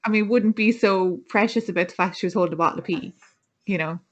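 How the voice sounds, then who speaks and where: A woman on a casual film review podcast, speaking in a relaxed, matter-of-fact way. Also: mid-range voice, quick pace, dull audio.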